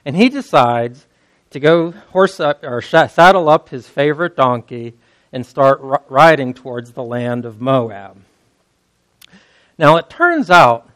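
A man's voice: a little high, a bit bright. A man preaching, retelling a story in a casual, conversational way. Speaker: pastor. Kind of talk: sermon storytelling.

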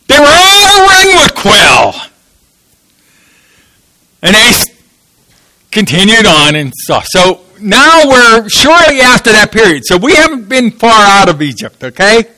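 A man's voice: high-pitched, pushed and bright, dry recording, poor audio. A man preaching a sermon, telling a story and asking the audience questions.

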